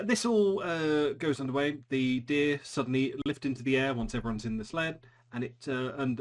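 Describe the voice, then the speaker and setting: A man narrating a tabletop game as game master, halting with frequent ums. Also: mid-range voice, a bit bright. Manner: hesitant, many ums and restarts.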